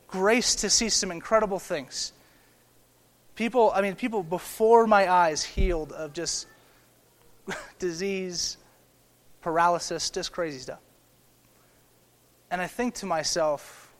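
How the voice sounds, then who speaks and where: A man's voice: fairly high pitch, fairly bright tone. Conversational man preaching a sermon. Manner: conversational, storytelling, builds to emphatic peaks. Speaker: pastor.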